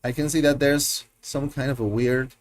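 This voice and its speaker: A man's voice: medium pitch, steady tone, normal speed. A man teaching a live online Spanish lesson, patiently repeating words and drilling his learners, often correcting himself as he thinks aloud.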